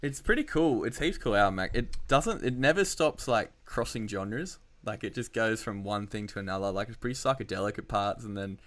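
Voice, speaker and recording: A man's voice: lowish voice, expressive, a little fast, hardly any pauses, fairly bright tone. A man hosting a casual music podcast, chatting loosely with fillers and swearing. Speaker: podcast host. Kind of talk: casual chat.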